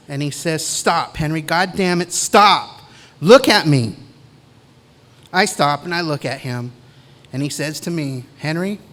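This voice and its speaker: Middle-aged man, commencement speaker, slightly raised pitch, slow deliberate pacing with pauses. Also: a bit bright. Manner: measured, deliberate delivery with pauses. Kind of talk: commencement speech.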